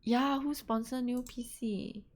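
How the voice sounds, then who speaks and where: A young woman with a lilt chats loosely while running her live stream. She talks at an unhurried pace and stays flustered, laughing her way through tech hiccups. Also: a little high, fairly even intonation, a little mellow. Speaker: stream host. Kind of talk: casual live-stream chat.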